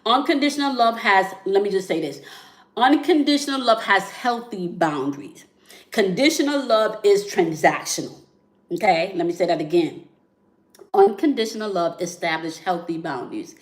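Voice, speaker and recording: A spiritual relationship channel host speaks expressively at normal speed in a medium pitch. Her delivery is casual and conversational, heavy on fillers and "right?" and "okay?" tags, and the sound is roomy.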